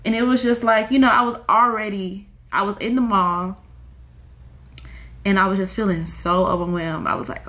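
A woman's voice: medium pitch, fairly even intonation, moderate pace, fairly bright tone. Tearful young woman in a rambling vlog. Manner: tearful, rambling, many "like" fillers. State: crying. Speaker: vlogger. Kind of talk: emotional confessional vlog.

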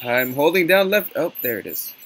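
A jokey man chats as he plays a horror game, rambling from one aside to the next. His pitch jumps around a lot, and he mutters when he gets uneasy. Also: big pitch swings, normal speed, fairly bright tone, slight background noise. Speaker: game player. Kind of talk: casual let's-play chat.

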